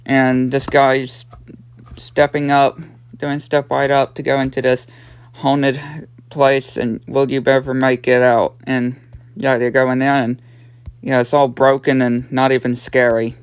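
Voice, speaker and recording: A man's voice: mid-range voice, little pitch movement, unhurried, clean tone, no room sound. A nineteen-year-old man casually recapping a cartoon episode, rambling along with lots of "yeah" and "and" fillers. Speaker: episode reviewer.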